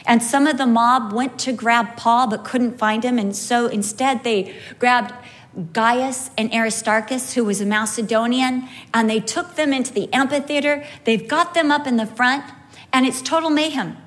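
A woman preaches a sermon in storytelling fashion, her voice sitting fairly high. Animated, she swings her pitch widely and stretches key words slowly for emphatic effect.

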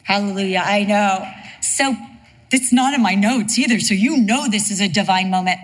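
A woman preaching a sermon in a lively, humorous storytelling way. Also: mid-range voice, normal speed.

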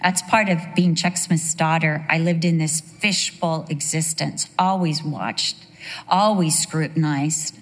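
A woman's voice: deep voice, steady tone, a little slow. Middle-aged woman giving a sermon, tells stories, does the voices, jokes around a bit. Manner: storytelling, acts out quoted voices, humorous asides. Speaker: women's Bible teacher.

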